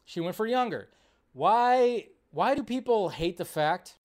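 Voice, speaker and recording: A man hosting a live stream in casual commentary, animated, swearing freely and mocking others in exaggerated voices. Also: high-pitched, measured pace. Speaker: show host.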